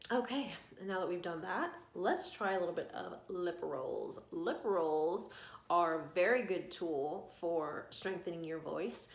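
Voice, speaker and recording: A woman singing coach guiding an online vocal warm-up lesson, giving calm, coaxing instructions. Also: fairly low pitch, measured pace, echoey room.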